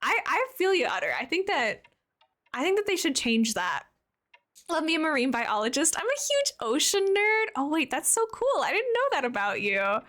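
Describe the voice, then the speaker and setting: A young woman chats warmly with viewers during a casual live stream while she plays. Her high, sing-song voice bounces all over its range, bubbly and talkative throughout, at a moderate pace.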